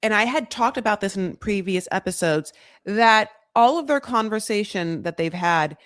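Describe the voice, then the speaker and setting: A chatty woman co-hosting a reality TV recap podcast, her voice mid-pitched. She rambles with plenty of "like" and "you know". The sound is dry and close. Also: expressive, normal speed, a bit bright, dry recording. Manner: chatty, lots of fillers, quotes people in put-on voices. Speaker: podcast co-host. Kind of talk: casual reality TV recap chat.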